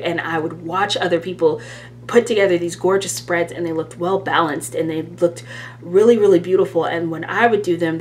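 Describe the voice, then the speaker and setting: A woman's voice: fairly low pitch, slight background noise. A woman chatting casually to camera as a planner vlogger, rambling and self-deprecating, with lots of fillers.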